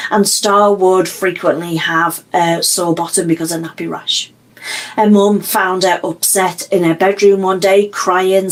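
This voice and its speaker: A woman, giving measured, explanatory commentary in a true crime documentary. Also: lowish voice.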